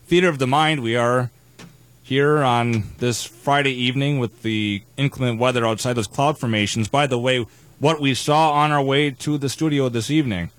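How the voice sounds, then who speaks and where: A man's voice: medium pitch, steady tone, moderate pace. A man hosting a live radio show in a studio, talking in a wordy, playfully pompous way with casual banter.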